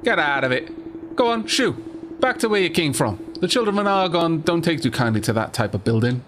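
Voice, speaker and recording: A man voicing a gruff, working-class London miner with a rough, slangy drawl. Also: fairly high pitch, very animated, normal speed, a bit bright, slight background noise. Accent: London (put on).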